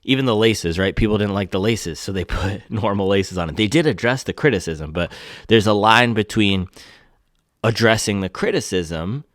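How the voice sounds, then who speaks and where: A man hosting a casual shoe review, talking excitedly and breaking into slangy exclamations. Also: lowish voice, moderate pace, dry recording, clean studio sound. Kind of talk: casual product review vlog.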